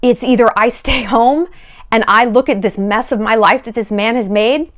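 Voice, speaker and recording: A woman with a fairly high voice talks at a moderate pace while giving dating advice in a casual vlog. Sarcastic and animated, she swears openly and acts out quoted lines in character.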